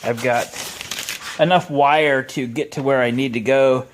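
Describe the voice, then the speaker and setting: A man's voice: medium pitch, unhurried, background noise. A man, talking casually and with strong opinions as he walks through a wiring job in his workshop. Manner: relaxed, chatty, opinionated, with many uh fillers. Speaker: shop owner and video host. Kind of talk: casual how-to vlog.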